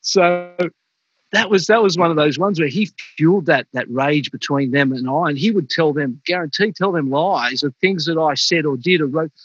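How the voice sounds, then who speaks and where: A middle-aged former pro surfer with an Australian accent tells stories as a guest in a casual interview, laughing often and saying "mate" a lot. His voice is on the high side, fairly bright with a breathy edge, at normal speed. The recording is dry and muffled.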